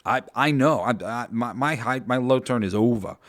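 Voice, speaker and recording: Talking at a moderate pace in a medium-pitched, fairly bright voice, another podcast host meanders through an idea on his own. He curses freely and leans on lots of filler words.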